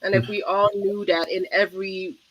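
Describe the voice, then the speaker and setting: A woman's voice: mid-range voice, flat delivery, moderate pace, lo-fi sound. A woman, hosting a livestream panel talk show and reading out viewer comments. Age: 40s. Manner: effusive, reads out viewer comments.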